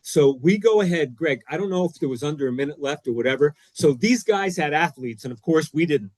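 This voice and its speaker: A man co-hosting a podcast, telling a story in an excitable, emphatic, self-deprecating way. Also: fairly high pitch, brisk, dry recording. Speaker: co-host, former defensive coordinator. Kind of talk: animated storytelling; casual podcast chat.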